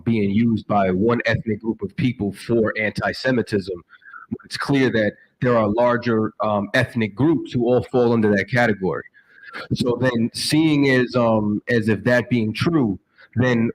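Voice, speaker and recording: A man's voice: fairly low pitch, rough recording. A man from the audience putting a question to the panel in a hesitant, rambling way.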